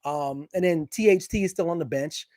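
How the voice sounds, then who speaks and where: A man with a notably high voice talks sports as a guest, animated and opinionated. He often restarts his sentences as he builds a point. The sound is dry and close, with no room echo. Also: moderate pace. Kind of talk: casual sports chat.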